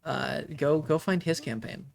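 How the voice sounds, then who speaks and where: A man running a tabletop game stream as game master, narrating with many halting fillers. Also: fairly high pitch, vocal fry.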